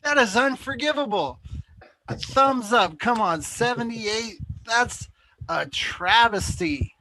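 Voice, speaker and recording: A man's voice: very high voice, lively intonation, takes it slowly, pushed and bright, slight background noise. A man hosting a live call-in show, chatting casually and telling rambling stories. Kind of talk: casual chat.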